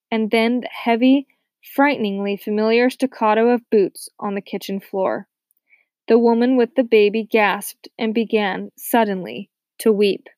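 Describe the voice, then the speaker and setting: A woman narrating a novel aloud with steady, soft-spoken storytelling. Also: fairly high pitch, no echo. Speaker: audiobook narrator. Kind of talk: scripted narration.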